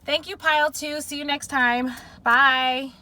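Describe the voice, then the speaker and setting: A woman's voice: high voice, fairly even intonation, a little slow, bright, forceful tone. A woman giving a spiritual pick-a-pile tarot reading, rambling and emotional as she thinks aloud with many fillers. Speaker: tarot reader.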